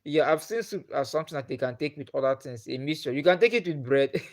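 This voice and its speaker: A man's voice: on the high side, lively intonation, fast. A man with a Nigerian accent, chatting on a live stream and putting the same questions to his viewers again and again. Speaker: livestreamer.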